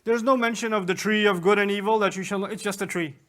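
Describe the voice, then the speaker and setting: A man teaching Quran commentary in an animated lecture, asking rhetorical questions and retelling stories with humor. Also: high-pitched, quick pace. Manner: animated, asks rhetorical questions and answers them.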